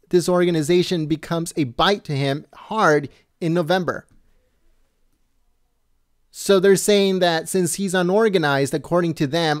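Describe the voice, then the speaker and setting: A man reading news items aloud slowly and adding his own commentary, stumbling and correcting himself and asking viewers questions. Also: on the high side, smooth, no room sound, studio quality. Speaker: political commentary host.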